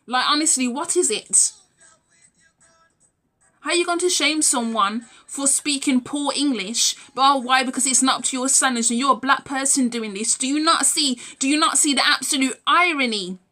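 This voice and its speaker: Heated, high-voiced woman ranting. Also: sharp tone. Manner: heated, emphatic, swears. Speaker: vlogger. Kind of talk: direct-to-camera rant.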